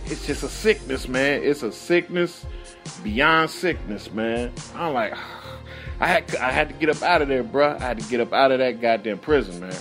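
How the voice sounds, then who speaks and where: A man's voice: mid-range voice, lively intonation, normal speed, a bit bright, soft background music. A man, a former prison guard, telling profane stories in casual chat, laughing often and acting out what people said. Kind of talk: casual podcast storytelling.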